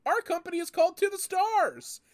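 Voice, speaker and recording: A man doing a mocking impression of an overexcited male rock-star pitchman with a nasal, sing-song delivery. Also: a little fast. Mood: mocking, grandiose. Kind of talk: mocking impression in casual chat.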